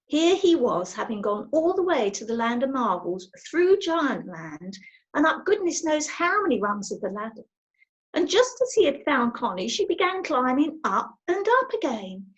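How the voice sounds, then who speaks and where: A woman reading a children's storybook aloud in an expressive storytelling manner. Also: high voice, lo-fi sound. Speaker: storybook reader.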